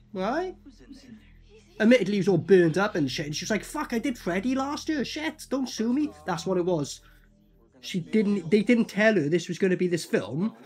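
A film reviewer with a mid-range voice offers casual, profane reaction commentary, slipping into quick asides where he acts out the characters.

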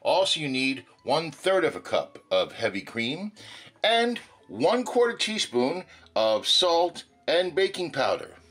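A man hosting a cooking demo in a playful, mock Southern drawl. His pitch swings widely as he hams up each line. The jokey, showy delivery suits a comic kitchen show. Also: sing-song, measured pace, fairly bright tone, slightly rough. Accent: put-on Southern drawl. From California. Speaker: cooking show host and comedian. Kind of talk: comedic cooking demonstration.

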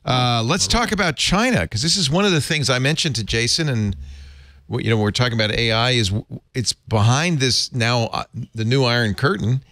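Animated man hosting a tech panel. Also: mid-range voice, moderate pace, dry recording, clean studio sound. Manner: animated, jokey, reads headlines aloud. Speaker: host. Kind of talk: casual panel chat, reading news aloud.

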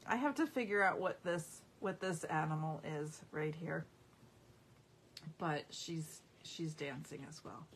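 Home crafter woman on a live stream, unhurried and a bit low-voiced, giggling through her show-and-tell, light hiss behind. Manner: giggly, amused, chatty. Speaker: craft demonstrator. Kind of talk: live-stream product showing.

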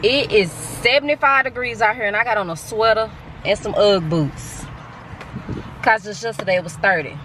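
A lively woman talks straight to her phone camera in a loose, slangy vlog style, full of asides to her viewers. Her voice sits at an everyday middle pitch. Steady traffic noise and street ambience run under the recording. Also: moderate pace. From Texas. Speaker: vlogger. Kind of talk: casual chatty vlog. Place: out and about, in car and shops, then at home.

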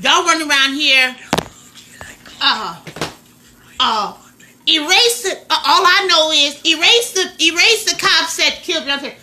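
A woman hosting a casual livestream on her phone, loud and slangy, laughing and talking straight to her viewers. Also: high voice, lively intonation, a little slow, pauses often, slight background noise. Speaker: livestream host.

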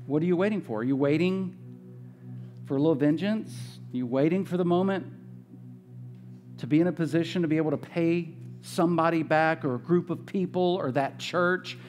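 A man preaching a sermon from the pulpit, his voice sitting a little higher than most men's. He talks in an easy, conversational way and slips into the voices of the people in the story. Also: a little mellow. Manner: conversational, acts out voices of biblical characters. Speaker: pastor. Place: church.

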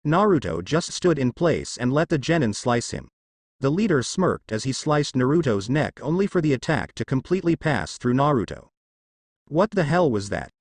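Brief: male fanfiction narrator, animated pitch, dry close sound. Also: moderate pace, no room sound. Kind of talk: fanfiction reading.

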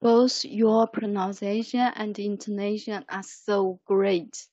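A woman teaching an online English lesson, praising her students warmly and guiding them patiently. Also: medium pitch, steady tone, no echo. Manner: lavish praise, slow and patient. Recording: muffled online call audio.

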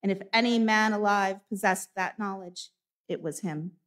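A woman minister reading a lesson aloud in a church service, measured and dramatic. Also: mid-range voice, fairly bright tone. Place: church sanctuary.

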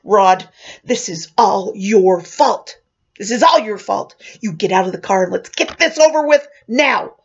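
A woman's voice: mid-range voice, expressive, a little slow, breathy edge, muffled recording. A woman storyteller voicing a frightened young boy who pleads insistently to go home. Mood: scolding.

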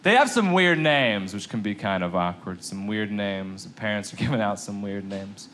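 A man doing stand-up comedy, swinging between muttered asides and loud emphatic bursts. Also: mid-range voice, big pitch swings, moderate pace, hardly any pauses, slight background noise. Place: comedy club stage before an audience.

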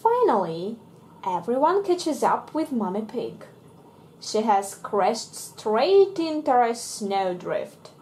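Slow, lively woman reading a children's book. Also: on the high side, a little hiss or hum. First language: Russian. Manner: slow and expressive. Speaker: English teacher reading to children. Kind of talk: reading a picture book aloud.

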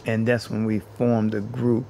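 A man's voice: lowish voice, monotone, moderate pace, creaky, warm tone, a little hiss or hum. A man being interviewed as a housing activist, telling his story in an earnest way and building his points by repeating phrases.

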